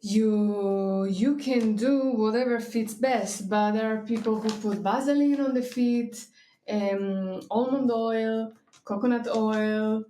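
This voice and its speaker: A woman co-hosting a casual livestream, speaking slowly and softly. Her voice is mellow and a little higher than average, and it carries a roomy echo. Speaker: co-host of a livestream. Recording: echoey room.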